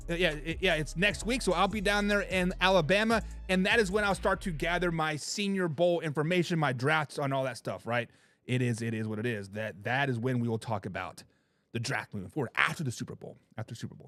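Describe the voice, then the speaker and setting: A man's voice: sits high, fairly bright tone. A man hosting a casual sports talk stream, reading viewer comments aloud in a laid-back way, laughing often and repeating his catchphrases. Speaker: sports talk show host.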